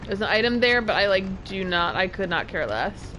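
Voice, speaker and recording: A woman's voice: mid-range voice, animated, normal speed, fairly bright tone, slight background noise. A woman streamer chatting casually while playing a video game at home and talking to her cat. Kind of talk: casual gameplay commentary. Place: home room.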